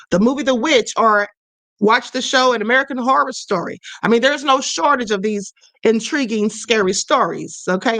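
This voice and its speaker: A woman's voice: a little high, fairly bright tone, no room sound. A woman hosting a spirituality live stream, explaining at a conversational pace, reading viewer comments aloud and often checking in with "okay".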